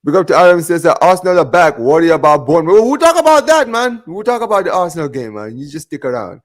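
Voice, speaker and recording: A man's voice: a little high, big pitch swings, fast. A man hosting a live football watch-along, reading out viewer comments and joking with his co-hosts in a casual way. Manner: reads out viewer comments, banters with co-hosts, says "man" and "bro" a lot. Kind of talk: casual live-stream chat.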